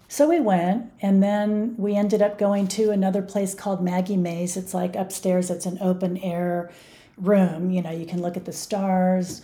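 A woman's voice: lowish voice, steady tone, moderate pace, dark tone. A middle-aged woman speaking earnestly and with emphasis as an interview guest. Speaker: guest, mother of a victim. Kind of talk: interview conversation.

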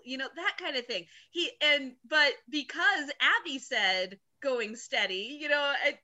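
A woman co-hosting a casual movie discussion, playful and quick to laugh. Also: high-pitched, animated, pushed and bright. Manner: unhurried, playful, laughs often.

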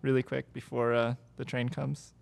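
Playful joking podcast host, dry sound. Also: male voice, medium pitch, level tone, normal speed, vocal fry, dry recording. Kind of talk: casual interview chat.

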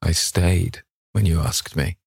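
A languid, witty aristocrat, as a man reads him in an audiobook speaks in a cool, amused drawl. The voice sits low and husky, and the recording is dry. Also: slow, darkish tone, no echo, heavily acted.

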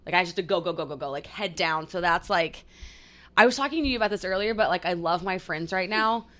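Talking quickly in a lowish, bright, pushed voice, a young woman co-hosts a podcast. She keeps it casual, wandering through her thoughts with frequent filler words.

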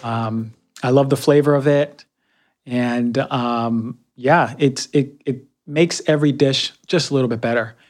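A man's voice: mid-range voice, unhurried, faint music behind. Chatty man giving health product reviews. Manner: energetic, conversational, repeats words; frequent fillers like um and right. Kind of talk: casual monologue.

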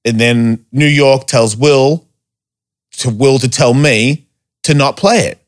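A man's voice: mid-range voice, slow pace. A man telling stories in a casual podcast chat, swearing a lot and acting out quotes in a raised voice. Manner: animated storyteller, heavy swearing, acts out quotes in a raised voice.

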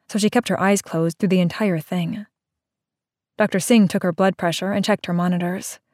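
A woman narrating an audiobook in a steady, unhurried, somber read on a close mic. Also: on the low side, dry recording.

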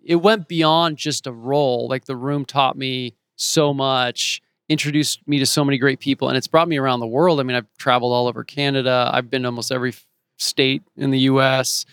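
A man in his forties, an actor and author, telling stories as an interview guest, animated and acting out the voices of the people he quotes. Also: mid-range voice, fairly quick, clean tone, dry recording, clean studio sound. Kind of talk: casual storytelling in an interview. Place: home in Los Angeles.

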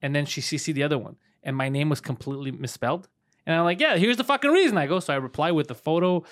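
A man co-hosting a podcast, telling a story in a casual, profane, animated way and putting on voices for the people in it. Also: a little high, quick pace. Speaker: podcast co-host. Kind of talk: casual chat.

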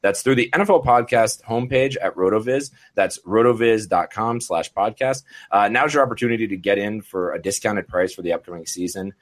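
A man's voice: fairly low pitch, brisk, hardly any pauses. A man hosting a podcast, chatting casually and joking, with lots of fillers. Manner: jokey, laughing, filler-heavy. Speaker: podcast host.

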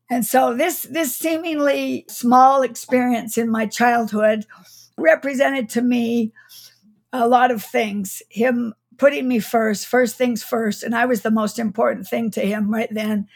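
A woman's voice: on the high side, steady tone, unhurried, gravelly. A middle-aged woman, a guest author, telling a childhood memory in an interview, reflective, with small laughs and restarts. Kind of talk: storytelling in an interview.

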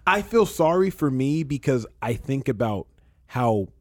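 An earnest man in his thirties talks through his feelings as a podcast guest, circling back on his own phrases. His pitch rises and falls in lively swings. The sound is dry and close. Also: a little slow, dry recording. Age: 30s. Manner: earnest, reflective, repeats phrases and restarts. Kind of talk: emotional casual conversation.

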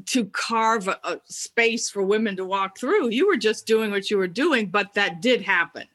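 A woman's voice: medium pitch, normal speed, fairly bright tone. A woman hosting a casual interview podcast, affirming her guest and echoing her points back. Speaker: podcast host.

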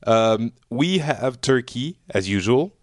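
A man's voice: medium pitch, animated, slow pace, dry recording, clean studio sound. French man hosting a casual podcast. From France. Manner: joking, many fillers and restarts. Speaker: podcast host. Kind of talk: casual online round-table chat.

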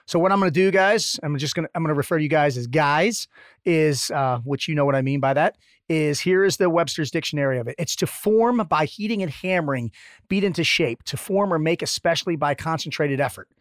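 Joking, slightly high-voiced male podcast co-host. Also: brisk, no room sound, clean studio sound. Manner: joking, profane, animated. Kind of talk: casual podcast banter.

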